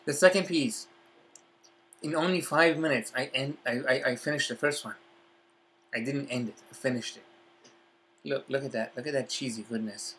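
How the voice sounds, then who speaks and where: A man eating on camera in a casual vlog, excited about his food, talking with his mouth full between lots of appreciative mm sounds. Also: mid-range voice, normal speed, long pauses, slightly rough. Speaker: vlogger.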